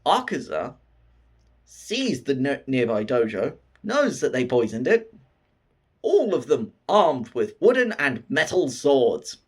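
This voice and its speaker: A man recapping a favourite film in casual, profane, excited storytelling. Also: medium pitch, takes it slowly, slightly rough. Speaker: film reviewer.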